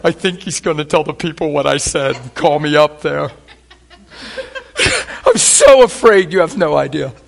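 A man preaching a sermon, telling a personal story with animated swings between hushed quoted prayer and loud, laughing bursts. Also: fairly high pitch, a little slow, creaky, pauses often. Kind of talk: sermon testimony.

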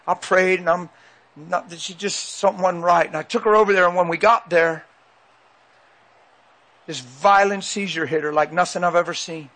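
High-voiced man preaching emphatically. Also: fairly even intonation, moderate pace, a bit bright. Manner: emphatic, repeats phrases for weight. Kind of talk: sermon. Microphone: handheld mic.

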